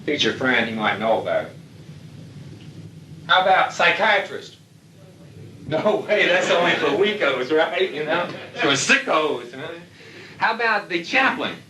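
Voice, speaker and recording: A man's voice: a little high, big pitch swings, a little slow, long pauses, crowd noise. A man giving a lecture to military aviators in a blunt, folksy way with salty humor. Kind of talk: lecture to an audience. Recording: echoey hall, distant mic.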